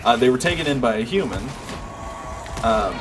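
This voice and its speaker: A man's voice: medium pitch, animated, normal speed, over music. A man streaming a game, chatting casually and rambling with lots of fillers and restarts. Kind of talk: casual chat while gaming. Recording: game noise in background.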